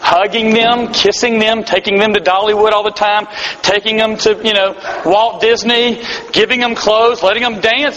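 High-voiced preacher in an echoing hall. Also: male voice, moderate pace, a bit bright, a little hiss or hum. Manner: earnest, emphatic, self-deprecating humor. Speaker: pastor. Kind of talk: sermon. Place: large hall before a live audience. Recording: dull hall-echo live recording.

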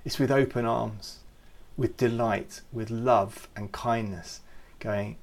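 A man who leads youth ministry, giving an earnest, reflective devotional talk with gentle emphasis. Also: medium pitch, steady tone, slow, gravelly.

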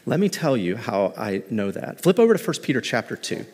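Husky-voiced pastor preaching in a hall. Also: male voice, mid-range voice, fairly quick. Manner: conversational, animated preaching with humor. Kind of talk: sermon. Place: church sanctuary.

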